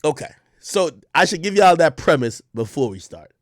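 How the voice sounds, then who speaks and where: A man streaming, telling a story in an excitable, profane way, shouting as he reenacts moments. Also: a little high, moderate pace, slight background noise.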